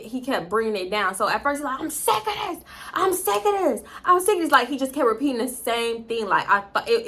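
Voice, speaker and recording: Bright, blunt young woman telling a story. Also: mid-range voice. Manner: blunt and profane, animated, addresses viewers as y'all. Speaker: storytime vlogger. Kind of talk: casual storytelling to viewers.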